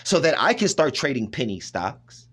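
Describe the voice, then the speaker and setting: A man's voice: medium pitch, big pitch swings, moderate pace, fairly bright tone. A man talking in a rambling personal monologue, emphatic, restarting often and checking in with his listener. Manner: emphatic, keeps asking "you know what I'm saying".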